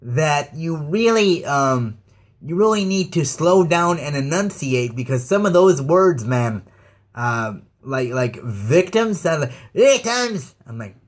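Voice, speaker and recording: A man ranting casually to his viewers about wrestling, halting and stammering with many fillers. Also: a little high, expressive. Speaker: YouTube ranter. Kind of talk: casual rant to camera.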